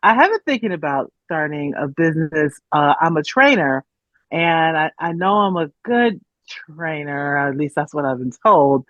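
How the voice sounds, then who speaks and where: A woman's voice: sits low, animated, moderate pace, a bit bright, no echo. A woman asks her question politely and thinks aloud as she goes. The audio is dry and somewhat dull, as on a video call. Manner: polite, thoughtful, searching for words. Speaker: audience member asking a question. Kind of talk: question from the audience.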